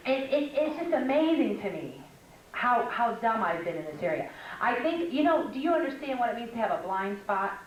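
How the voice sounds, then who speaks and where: A woman's voice: a little high, far from the mic, slight background noise. An older woman giving a chatty, humorous teaching talk to women, full of stories. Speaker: speaker at a women's conference. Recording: echoey hall, mic from afar.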